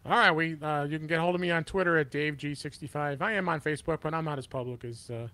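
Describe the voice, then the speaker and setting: A man guests on a casual podcast and talks haltingly, with plenty of fillers. His voice sits a little high. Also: bright, forceful tone. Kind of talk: casual chat.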